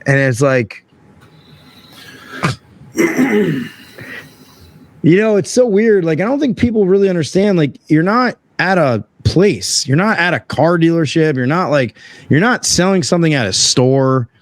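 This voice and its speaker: A man telling a story casually on a podcast, acting out the people in it with big jumps in his voice. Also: normal speed. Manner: animated, acts out voices with big pitch jumps. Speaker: HVAC sales rep telling a story.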